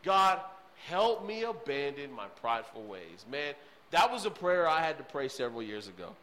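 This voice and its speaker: Emphatic preacher man, higher voice. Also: sing-song, moderate pace, poor audio. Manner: emphatic and repetitive, addresses the crowd with "okay?"; swings from loud bursts to hushed pleading. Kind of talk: sermon.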